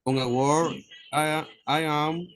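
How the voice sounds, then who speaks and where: Halting male student reading. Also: a little high, steady tone, a bit bright, no room sound. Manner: halting, stumbles over words and repeats corrections. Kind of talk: reading aloud in class. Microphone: video call.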